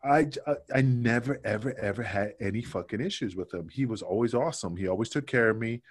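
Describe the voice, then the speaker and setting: A man's voice: fairly low pitch, brisk, breathy edge. A middle-aged man, a former wrestler, telling stories loosely and profanely as a podcast guest. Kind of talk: casual podcast chat.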